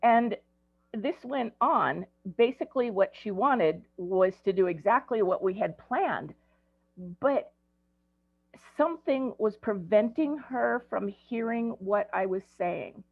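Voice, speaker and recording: A woman in her sixties, an ADHD coach, tells stories in a relaxed, conversational way and often stops for an um. Her voice has a gravelly, creaky edge. The audio is dry and tinny, as if heard over a video call. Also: mid-range voice, slow pace, no room sound. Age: 60s. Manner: conversational, storytelling with frequent ums. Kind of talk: presentation to parents.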